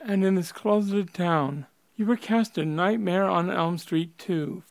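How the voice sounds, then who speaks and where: Probing documentary interviewer, mid-pitched and gravelly. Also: unhurried.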